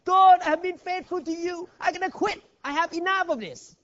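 A man's voice: extremely high pitch, expressive, normal speed, fairly bright tone. A man acting out a weary male prophet who whines and complains in exasperation, on a dull lo-fi recording. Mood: complaining. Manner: whining, exasperated.

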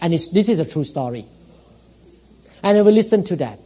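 A man with a notably high voice preaches a sermon to his congregation, earnest and personal. He drops to hushed storytelling, then rises into loud exhortation, asking for amens. The recording is dull and lo-fi. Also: lively intonation, fairly quick. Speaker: pastor.

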